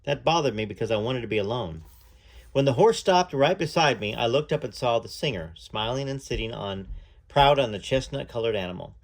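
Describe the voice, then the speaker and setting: With lively intonation and a medium-pitched voice, a man narrates a first-person book at a measured pace. He sometimes interrupts the passages with his own remarks.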